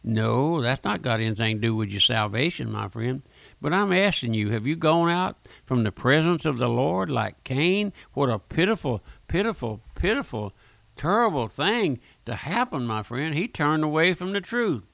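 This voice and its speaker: A man's voice: on the high side, big pitch swings, moderate pace, gravelly, a bit bright, dry recording. A man preaching a fervent radio sermon, pleading with listeners and often calling them "my friend". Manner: pleading, repeats "my friend", addresses listeners directly. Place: radio studio.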